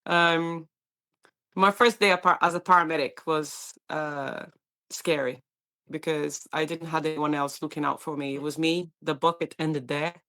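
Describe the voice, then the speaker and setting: Bright, animated Brazilian woman storyteller. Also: low voice, normal speed. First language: Portuguese. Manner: animated storyteller, acts out quoted voices, laughs often. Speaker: paramedic guest. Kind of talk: casual interview chat.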